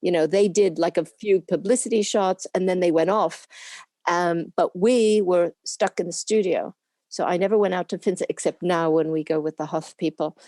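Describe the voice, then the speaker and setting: An older woman chatting through her recollections in an interview, laughing as she goes. Her voice sits low and mellow. The sound is dry, with no room around it. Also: steady tone, moderate pace, dry recording. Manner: chatty, rambling, laughs often. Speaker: interview guest, camera assistant.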